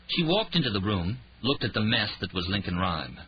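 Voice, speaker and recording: A man narrating an audiobook thriller in a dramatic, expressive reading. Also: fairly low pitch, normal speed, few pauses, a little hiss or hum. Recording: dull lo-fi audiobook recording.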